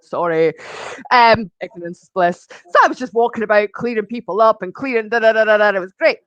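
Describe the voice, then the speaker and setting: A woman's voice: mid-range voice, fairly quick, dry recording, dull audio. A woman chatting casually as a guest, telling a story with lots of animation and laughter, acting out the lines of the people she quotes. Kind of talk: casual chat.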